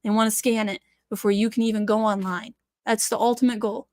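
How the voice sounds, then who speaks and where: A woman with a Michigan accent hosts a casual news commentary show from home, reading articles aloud and launching into passionate, sarcastic rants. Her fairly high voice has a flat delivery, a little fast and a little mellow, on a dry, studio-quality recording.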